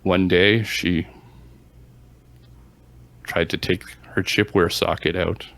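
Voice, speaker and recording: A man's voice: low-pitched, flat delivery, slow pace, vocal fry, fairly bright tone, exaggerated voice. A man voicing an older male punk squatter with a put-on Norwegian accent, speaking bluntly and matter-of-factly. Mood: grim.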